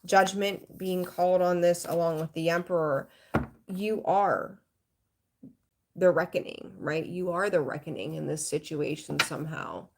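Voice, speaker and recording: A woman's voice: lowish voice, fairly even intonation, a little slow, vocal fry. A woman giving a live tarot reading in a frank, rambling way, swearing casually and greeting viewers. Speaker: tarot reader.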